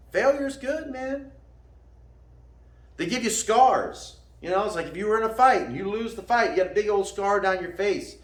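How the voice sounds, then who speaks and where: A man teaching martial arts gives a casual motivational talk, laughing at his own jokes. His voice sits high and swings widely in pitch. The room around him echoes. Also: normal speed. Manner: animated, folksy, laughs at own jokes, calls listener "man".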